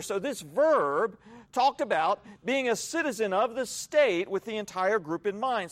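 A man preaching an evening sermon, explaining a passage in a measured, teacherly way. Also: high voice, no echo. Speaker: pastor. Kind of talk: expository sermon.

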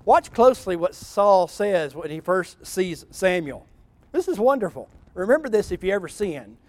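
Animated high-voiced preacher. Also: male voice, normal speed. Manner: animated, wry, acting out scripture. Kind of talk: sermon.

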